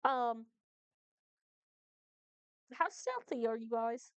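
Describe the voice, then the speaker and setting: A woman's voice: a little high, sing-song, drawn-out words, clear, resonant tone, no room sound, heavily acted. A woman doing a wary Irish-lilted guide. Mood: cautious. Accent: put-on Irish, drifting toward Boston. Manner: hesitant, full of ums and restarts. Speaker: game master voicing a character.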